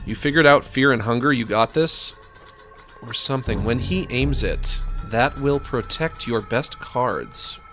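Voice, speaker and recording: A man streaming a video game, thinking aloud in an animated, self-mocking way with sudden exclamations. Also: mid-range voice, a little slow, soft background music. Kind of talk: let's-play commentary.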